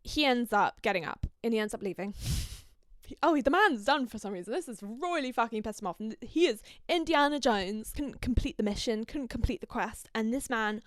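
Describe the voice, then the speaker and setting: A young woman from Scandinavia hosting a podcast, telling a story in an animated, gossipy way and swearing freely. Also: a little high, brisk, no echo, clean studio sound. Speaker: podcast host. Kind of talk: casual storytelling chat.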